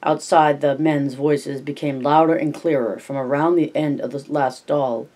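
A man reading a novel aloud at an unhurried pace, now and then correcting himself and adding asides. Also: fairly high pitch, fairly even intonation, a little mellow. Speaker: reader.

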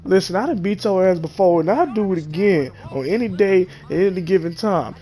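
A man commentating live on his gameplay, trash-talking in slang and bursting into shouts. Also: high-pitched, expressive, a little fast.

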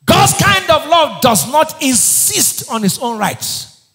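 A pastor preaches with a very high-pitched, very animated, fairly bright voice at a slow pace. He fires call-and-response questions at the congregation to answer and often raises his voice in emphatic preaching.

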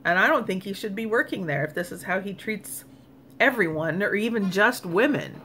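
A middle-aged woman talks straight to her viewers in a casual vlog, frank and openly exasperated. Her voice sits at an ordinary middle pitch. A faint steady noise runs underneath. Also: moderate pace. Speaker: vlogger. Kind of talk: casual personal vlog talk.

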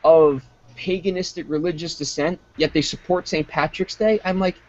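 A man's voice: a little high, moderate pace. A man ranting and swearing in a casual live chat over a video call. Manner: profane, ranting, animated. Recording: muffled online call audio.

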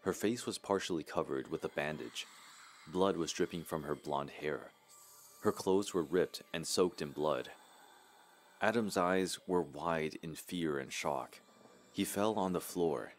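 Very deep-voiced horror story narrator. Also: male voice, a little slow.

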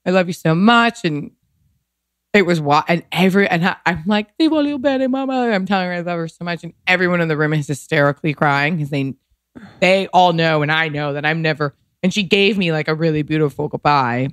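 A woman's voice: deep voice, a little fast, no room sound, studio quality. A woman in her thirties, a podcast guest, telling a personal story candidly, emotional and rambling, saying "like" often. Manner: emotional, rambling, heavy use of "like".

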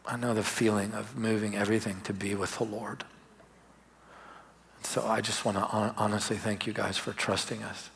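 A man's voice: fairly low pitch, flat delivery, normal speed, creaky, a little hiss or hum. A male pastor telling personal stories in a conversational sermon, laughing at times. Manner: conversational, warm storytelling with laughs. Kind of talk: sermon storytelling. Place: church service.

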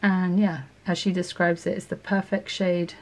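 A woman hosts her art channel in a relaxed, chatty way, thinking aloud as she swatches her paints. Her voice sits a little low and has a gravelly edge, and she often corrects herself mid-sentence. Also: moderate pace. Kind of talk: casual talk while swatching paints.

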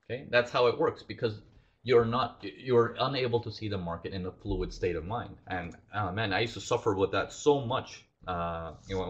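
A man's voice: fairly low pitch, fairly bright tone, dull audio. A man teaching a live trading lesson, asking his audience questions and acting out traders' inner thoughts. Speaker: trading instructor.

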